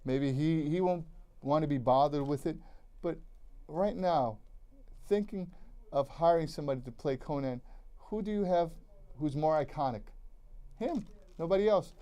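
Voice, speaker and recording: A man's voice: a little high, normal speed, pauses often, warm tone. A man co-hosting a cable access show, chatting casually about movies in a rambling way, repeating himself and restarting his sentences.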